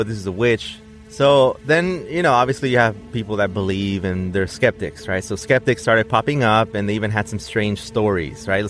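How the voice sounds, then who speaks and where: A man co-hosting a podcast, casually retelling a ghost legend and peppering it with "right?" asides. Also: fairly low pitch. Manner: tells the story with frequent "right?" and "like" asides. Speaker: podcast co-host telling the story. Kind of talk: casual storytelling chat.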